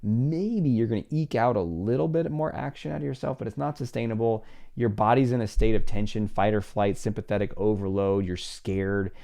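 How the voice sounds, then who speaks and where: A man's voice: fairly low pitch, normal speed, vocal fry, dark tone. A middle-aged man hosting a solo advice podcast as a psychologist, talking animatedly and acting out little dialogues in different voices.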